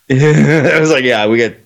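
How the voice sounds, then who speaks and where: A man's voice: medium pitch, takes it slowly, gravelly. A man in his thirties co-hosting a casual podcast, ranting with a lot of profanity and acting out quotes in exaggerated voices. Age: 30s. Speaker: podcast co-host. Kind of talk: casual banter.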